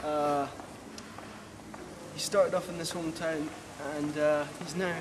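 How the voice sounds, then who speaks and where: A man hosting a spoof town tour, talking outdoors in a rambling, deadpan way with swearing asides. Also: fairly high pitch, slow. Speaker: spoof town guide host. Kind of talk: mock-serious walking tour monologue. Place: outdoors in town streets, windy. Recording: windy outdoor sound, far from mic.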